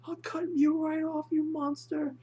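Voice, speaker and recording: A man's voice: slow pace, gravelly, a little mellow, slight background noise, full character voice. A man voicing a panicking teenage boy in frantic, pleading desperation. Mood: hysterical. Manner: frantic, high-pitched pleading.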